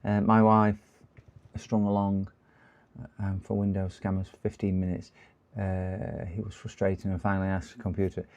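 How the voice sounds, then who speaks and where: A man's voice: deep voice, level tone, normal speed, a little mellow, dull audio. A man, chatting casually on a live stream while repairing computers, rambling and laughing to himself.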